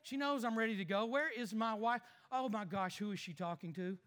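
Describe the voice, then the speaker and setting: A petty, grumbling husband in church, as a preacher acts him out mutters gripes and flips to fake cheer. The voice sits high with a sharp, bright edge. It rings in a long, echoey hall. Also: male voice, a little fast. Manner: muttering complaints under his breath, fake cheer to others. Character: grumbling married male churchgoer, sulky and petty. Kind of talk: comic skit within a sermon.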